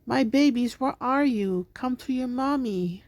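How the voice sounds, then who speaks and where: A woman's voice: fairly high pitch, unhurried, a little mellow, no room sound, pitched above the performer's own voice. A woman playing a frantic, pleading young mother.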